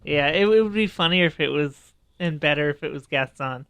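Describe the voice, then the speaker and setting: A man's voice: on the high side, a little fast, a bit bright, clean tone, no echo. A man co-hosting a casual podcast, chiming in with laughs and dry quips. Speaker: podcast co-host. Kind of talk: casual chat.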